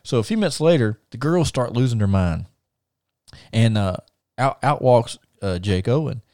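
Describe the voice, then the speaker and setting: A middle-aged man with a drawl tells a story in a casual chat. He talks in an animated way, trips over his words and restarts often. His voice sits at an average pitch, recorded close and dry. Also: moderate pace, no room sound. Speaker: podcast host.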